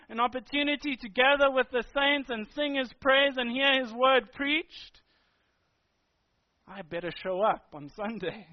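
Man, very high voice, sermon, emphatic repetitive preaching, dull lo-fi recording.

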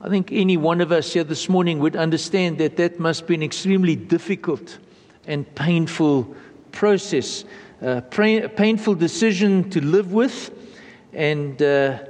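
Earnest high-voiced preacher. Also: male voice, darkish tone, big-room sound. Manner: earnest, measured, with frequent pauses and repeated phrases. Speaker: pastor. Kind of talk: sermon. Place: church.

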